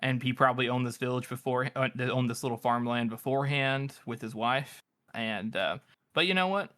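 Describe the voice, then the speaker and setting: A man's voice: medium pitch, normal speed, fairly bright tone. A man co-hosting a podcast, talking through his thoughts in a hedging way, full of "like" and restarts. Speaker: podcast co-host. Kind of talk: casual book discussion.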